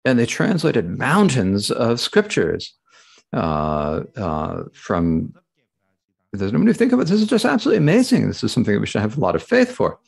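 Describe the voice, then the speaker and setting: A man with a gravelly edge carries a Buddhist Dharma talk into English in a halting way, breaking off and restarting often. His pitch rises and falls widely, and filler sounds keep filling the gaps. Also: wildly swooping pitch.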